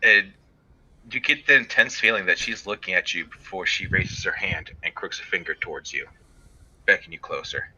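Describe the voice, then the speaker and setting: A man narrating a tabletop game as game master, describing scenes in slow detail with fillers. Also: low voice, expressive, sharp tone, breathy edge, dull audio.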